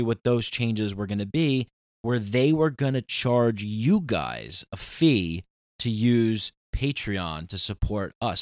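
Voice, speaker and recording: A man's voice: fairly low pitch, no echo, clean studio sound. A man hosting a podcast, talking in a casual, ranting monologue with emphatic outbursts. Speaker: podcast host.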